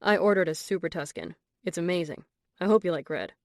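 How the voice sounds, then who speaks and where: A woman voicing a confident, flirtatious wealthy man in an audiobook, speaking low and measured. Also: sing-song, dry recording, studio quality. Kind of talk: audiobook character voice.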